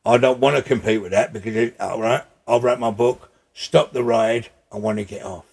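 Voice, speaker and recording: An older man, gravelly and husky, speaking bluntly and emphatically in a casual interview at his home, swearing freely. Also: mid-range voice, fairly even intonation, moderate pace, darkish tone. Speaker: interview guest.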